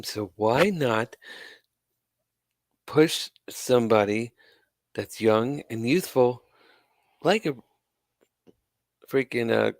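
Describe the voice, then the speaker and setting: Guy ranting slow and sarcastic, fed up, cusses some, dry close sound. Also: medium pitch, gravelly, no echo. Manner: sarcastic, exasperated, swears. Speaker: wrestling commentary channel host. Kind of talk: ranting commentary to camera.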